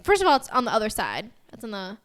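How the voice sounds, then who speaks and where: A woman's voice: on the high side, huge pitch swings, fast talker, fairly bright tone. A young woman with an American accent, co-hosting a podcast in bubbly casual chat, full of "like" and giggles. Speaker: podcast co-host.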